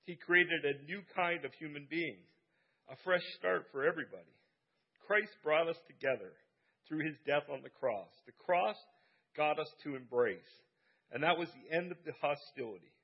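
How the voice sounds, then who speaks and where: A male pastor delivers a sermon in an earnest, repetitive style, hammering home his key phrases. His voice sits a little higher than most men's. The recording is dull and lo-fi. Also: husky. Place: church service.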